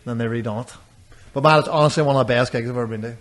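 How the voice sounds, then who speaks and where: Man, mid pitch, animated rambling podcast storytelling. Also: rapid-fire. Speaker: podcast co-host. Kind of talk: casual storytelling.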